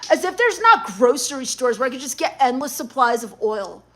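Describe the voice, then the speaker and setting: A woman live streamer reading chat messages aloud in a sarcastic, mocking way that turns snappy and quick-tempered. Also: high-pitched, big pitch swings.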